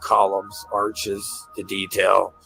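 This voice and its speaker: A man hosting an excited commentary over pictures, gushing and repeating himself, often stammering. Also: low voice, slow, vocal fry, soft background music, rough recording. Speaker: host.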